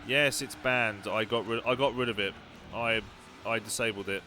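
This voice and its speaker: A man's voice: fairly low pitch, fairly even intonation, normal speed, pushed and bright, a little hiss or hum. A young man muttering wry asides while commentating a racing game. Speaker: gaming channel host. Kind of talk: let's play commentary.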